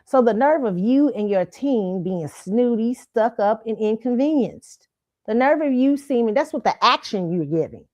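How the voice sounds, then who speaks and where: With lively intonation and a moderate pace, a woman whose voice is a little high hosts a show and launches into an opinion rant. She's blunt, profane, and mocking, and the recording has a slightly dull, lo-fi sound.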